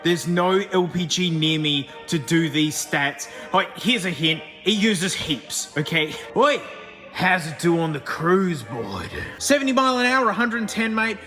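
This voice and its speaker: An Australian man hosting a car vlog, chatting excitedly with plenty of slang and frequent laughter as he works in a garage. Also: high voice, measured pace, big-room sound, faint music behind. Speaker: car vlogger host. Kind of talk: casual commentary over car work and testing.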